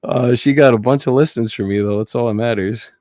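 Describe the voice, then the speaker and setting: Tired, easygoing man cohost; mid-pitched voice, dry close sound. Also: fairly quick, a little mellow, dry recording. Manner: laid-back, laughing banter.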